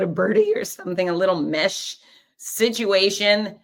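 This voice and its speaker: Woman, hoarse and raspy, low voice, chatty podcast host, laughs a lot. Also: takes it slowly. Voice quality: husky, raspy. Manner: bubbly, laughs often, rambling asides. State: hoarse after race announcing. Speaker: podcast host and race announcer. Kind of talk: casual chatty monologue.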